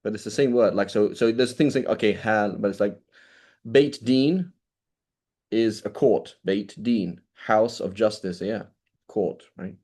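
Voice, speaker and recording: A man's voice: lowish voice, a little slow, a little mellow. A man teaching a class in a casual, chatty way, often checking in with students and asking them questions. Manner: casual, checks in with "right?" constantly. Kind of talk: classroom lecture.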